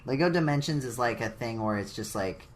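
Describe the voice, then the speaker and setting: A man in casual podcast conversation, talking in loose rambling bursts and playfully overplaying his sign-off. His voice sits at a middling pitch. A faint hiss lies under the recording. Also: expressive, brisk. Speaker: podcast co-host. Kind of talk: casual gaming podcast chat.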